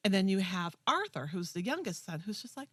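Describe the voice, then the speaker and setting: A young woman co-hosting a community TV talk show, retelling a movie with enthusiastic, animated chat. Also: medium pitch, brisk, slightly rough, dry recording, studio quality. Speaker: co-host. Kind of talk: casual chat.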